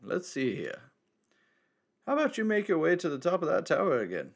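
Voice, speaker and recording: A man voicing a mysterious, teasing old male hermit in a slow, measured old man voice, reading game dialogue aloud. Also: on the high side, wildly swooping pitch, vocal fry, pitched above the performer's own voice, exaggerated voice. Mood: cryptic, teasing.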